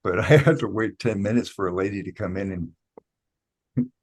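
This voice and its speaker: A man's voice: fairly low pitch, fast, dry recording. An older man in a casual chat, easygoing and chatty.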